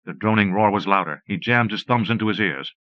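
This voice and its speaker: A man reading a horror fantasy story aloud in measured, steady narration. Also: lowish voice, no room sound. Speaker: audiobook reader. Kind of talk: scripted narration. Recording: muffled dry cassette recording.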